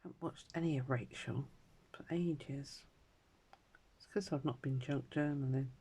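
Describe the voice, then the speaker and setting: A woman in her fifties chatting casually at home as she stitches, rambling from story to story and trailing into quiet mutters. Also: rumbling low, brisk, husky. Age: 50s. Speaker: crafter vlogger. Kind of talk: casual chat while stitching.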